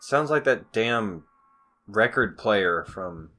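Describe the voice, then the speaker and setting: A man's voice: lowish voice, lively intonation, takes it slowly. Sarcastic man cursing through a horror game. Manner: sarcastic, swears often, yells at the game. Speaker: gamer. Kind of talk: horror let's play commentary.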